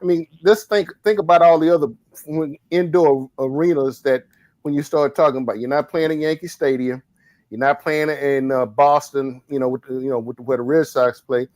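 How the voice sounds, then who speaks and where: A man's voice: fairly high pitch, fairly even intonation, moderate pace, darkish tone, dry recording. A man speaking as a panelist on a sports talk show, rambling and joking loosely as he talks. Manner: rambling, restarts sentences, jokey. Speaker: podcast panelist.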